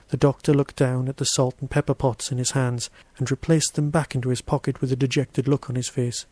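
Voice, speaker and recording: A man's voice: mid-range voice, little pitch movement, a little fast, hardly any pauses, darkish tone, dry recording. Man reading a short story, dry. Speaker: podcast host reading his story. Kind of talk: audiobook-style story narration.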